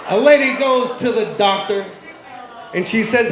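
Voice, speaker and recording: A man's voice: extremely high pitch, roomy sound, a little hiss or hum, low-quality recording. A man doing stand-up, firing off short jokes one after another and ribbing the audience. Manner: rapid-fire punchline delivery, ribbing the audience. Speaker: stand-up comedian. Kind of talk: stand-up joke telling.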